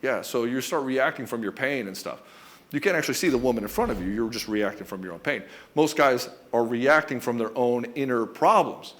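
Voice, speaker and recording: A man coaching other men in a direct, blunt and profane way, speaking fast and with emphasis. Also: medium pitch, lively intonation, a bit bright. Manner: acts out short quoted lines in other voices. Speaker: relationship coach. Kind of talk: direct-to-camera coaching talk.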